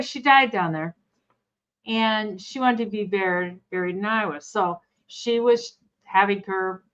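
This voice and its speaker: A woman co-hosting a live stream, telling stories casually and trailing off into restarts. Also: mid-range voice. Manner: animated storyteller, trails off and restarts. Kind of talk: casual storytelling chat. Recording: slightly muffled live stream audio.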